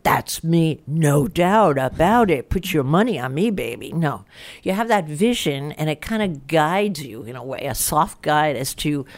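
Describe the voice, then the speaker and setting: An older woman as an interview guest, talking in a blunt, salty, anecdotal way. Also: low-pitched. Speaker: guest business founder. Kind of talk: casual interview talk.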